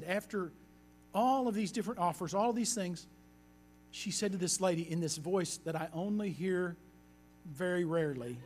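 A man as pastor, preaching a sermon with earnest storytelling that slows down for emphasis. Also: high-pitched, slight background noise.

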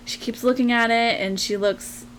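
A woman's voice: on the high side, steady tone, normal speed, fairly bright tone, a little hiss or hum. Chatty young woman podcast host. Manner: chatty, rambling, laughs often. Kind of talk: casual chat and storytelling.

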